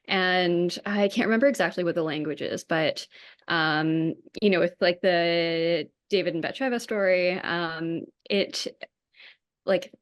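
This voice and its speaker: A woman's voice: on the low side, a little slow. A woman student sharing a thought in class, hesitant and full of fillers. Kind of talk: class discussion.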